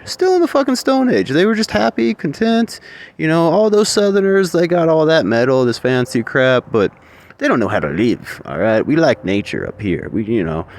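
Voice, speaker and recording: A man in a rambling, profane, ranting monologue. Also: fairly high pitch.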